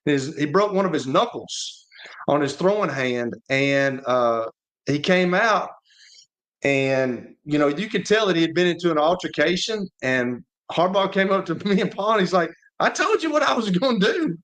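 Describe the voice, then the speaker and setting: A former quarterback co-hosting sports radio tells stories in casual sports talk, rambling and repeating or restarting words. His voice is fairly high and fairly bright, with lively intonation at a moderate pace.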